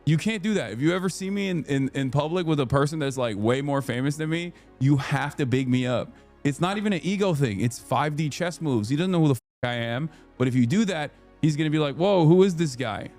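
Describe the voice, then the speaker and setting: A man's voice: on the high side, brisk, faint music behind. Profane, ranting man streamer in his thirties. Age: 30s. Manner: animated, profane storytelling, ranting. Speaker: live streamer. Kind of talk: casual live-stream chat.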